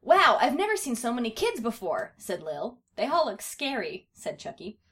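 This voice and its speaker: A woman's voice: wildly swooping pitch, normal speed, fairly bright tone. A woman hosting a comedy show, reading a story aloud with put-on voices and frequent laughter. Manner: reads baby characters in put-on high voices, laughs often. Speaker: podcast host reading fan fiction aloud.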